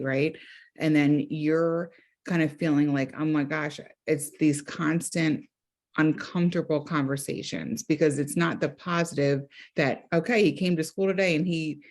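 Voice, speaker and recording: A woman's voice: low-pitched, a little mellow. A woman counselor talking on a group video call, earnest and emphatic, often repeating phrases for stress. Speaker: counselor and therapist.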